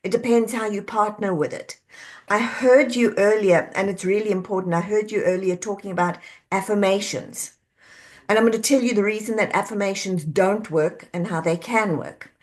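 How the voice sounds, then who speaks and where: Lively woman coach telling stories. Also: mid-range voice, moderate pace. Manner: animated storyteller, acts out quoted voices, laughs easily. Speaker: executive coach and author, guest. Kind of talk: conversational podcast interview.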